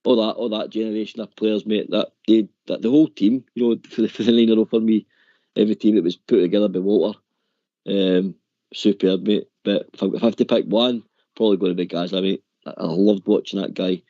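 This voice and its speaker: A man's voice: on the low side, fairly even intonation, fairly quick, mellow, no room sound. A man calling in to a radio phone-in, chatting earnestly and calling the host "mate" over a dull lo-fi line. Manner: earnest, says "mate" often. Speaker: caller. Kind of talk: casual chat.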